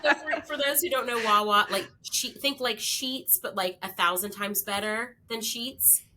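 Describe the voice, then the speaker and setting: A woman in her forties, a podcast guest, telling a story in a chatty, animated way with many fillers. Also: on the high side, normal speed. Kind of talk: casual storytelling.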